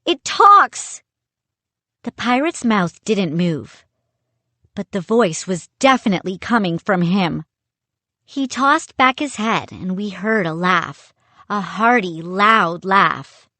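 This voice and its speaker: Woman reading a kids' book aloud, slow and steady, dry recording. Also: mid-range voice, dry recording. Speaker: reader. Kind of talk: audiobook narration.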